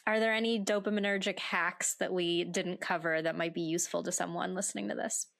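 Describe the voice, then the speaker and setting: Gravelly-voiced woman hosting a podcast. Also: on the low side, fairly even intonation, a little fast, a bit bright. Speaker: podcast host. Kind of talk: interview questions.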